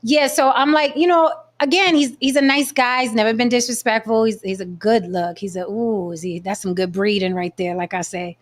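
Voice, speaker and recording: A woman hosting a casual chat show, telling a story in a blunt, profane, animated way. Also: on the high side, normal speed, hardly any pauses. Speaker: podcast host.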